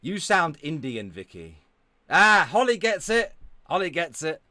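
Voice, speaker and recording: A middle-aged Welshman hosts a livestream reacting to clips, swearing and veering between loud outbursts and low mutters. His voice is sing-song and a little slow, with no room sound.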